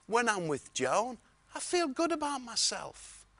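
A man giving a storytelling keynote talk, lively and chuckling as he goes. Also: extremely high pitch, unhurried, no room sound. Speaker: keynote speaker.

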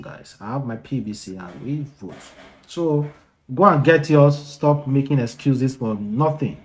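Man, mid-pitched, casual news vlogger. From Nigeria. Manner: chatty, with frequent uh fillers. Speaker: YouTube news host. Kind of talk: casual vlog commentary.

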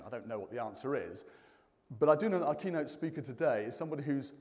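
A man's voice: medium pitch, racing. Man, conference host, jokey, quizzing the crowd, reverberant hall. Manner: lively, jokey, quizzing the audience. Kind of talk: live conference hosting.

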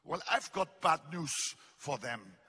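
A male preacher delivering a fervent sermon, exhorting his listeners and shouting out lines. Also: on the high side, big pitch swings, measured pace, husky, long reverb tail. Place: large church hall.

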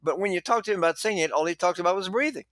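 A man's voice: high-pitched, rapid-fire, fairly bright tone, dry recording. A man in his eighties with a Texan accent, an old opera singer and voice teacher, telling stories and demonstrating breaths and vowels as he talks. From Texas. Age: 80s. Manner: storytelling, demonstrates vowels and breaths mid-sentence. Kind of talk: conversational interview, teaching.

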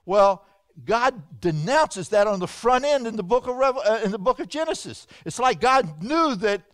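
Animated high-voiced pastor, smooth and clear. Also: male voice, moderate pace, no room sound. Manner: folksy and animated, swings from loud to hushed. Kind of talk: evening Bible lecture. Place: church hall.

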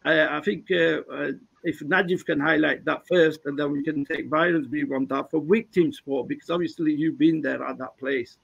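Gravelly, husky male panel host. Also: a little high, fairly even intonation, normal speed, a bit bright. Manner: hesitant, many fillers. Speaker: host, moderator. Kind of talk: hosting a panel discussion. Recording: dull lo-fi call audio.

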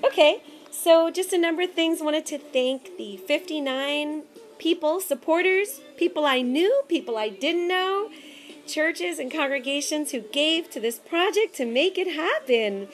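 A woman's voice: high-pitched, expressive, unhurried. A woman gospel singer giving a bubbly, effusive video update to her supporters. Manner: bubbly and effusive, says darling. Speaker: gospel recording artist. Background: faint music with a man singing.

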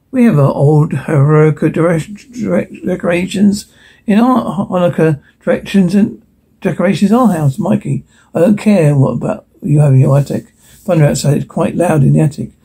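A man's voice: on the high side, moderate pace, gravelly, dark tone, slightly rough. A man reading a film transcript aloud, stumbling over words, restarting, and reading every part and stage direction in the same voice. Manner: reads stage directions and every character in one voice. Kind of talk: unrehearsed reading aloud of a script.

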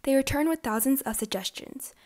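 A woman narrating a children's storybook in a clear, expressive read-aloud manner. Her voice sits a little high, suited to small listeners. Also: a little fast. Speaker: storybook reader.

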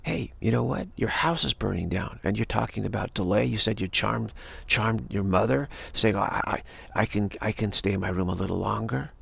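A man's voice: on the low side, brisk, gravelly, hardly any pauses, a bit bright, breathy edge, dry recording, heavily acted. A man acting out a stern father who orders his child to finish the work now. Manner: stern, commanding.

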